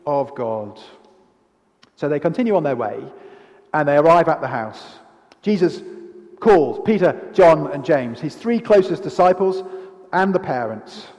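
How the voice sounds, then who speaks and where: A man's voice: a little high, a little mellow. A man preaching an expository sermon in a church, asking the congregation questions. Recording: reverberant church hall.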